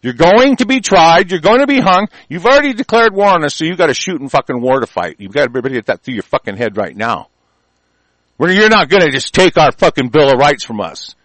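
A man hosting a talk radio show, ranting angrily and cursing heavily in a loud, heated way. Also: medium pitch, big pitch swings, fast, no room sound. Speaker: community radio host. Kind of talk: profane talk-radio rant.

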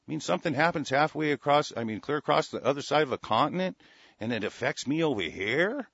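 A man's voice: a little high, lively intonation, brisk, fairly bright tone, husky, no room sound, lo-fi sound. Sarcastic, swearing man ranting over news. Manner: angry, sarcastic, swears a lot, reads then rants. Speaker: political commentator reading news aloud. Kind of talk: profane ranting commentary on news.

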